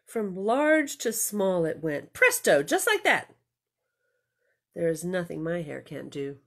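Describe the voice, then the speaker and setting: A woman librarian reading a picture book aloud to children, expressive and storytelling, with chatty asides. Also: fairly low pitch, slow.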